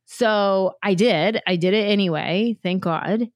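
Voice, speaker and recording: A woman comedian from San Jose tells stories in a quick, animated way, with her pitch sitting in the middle of the range. The recording is very dry and close, with no room sound. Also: no room sound. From San Jose, California, US. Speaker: comedian guest. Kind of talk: casual interview storytelling.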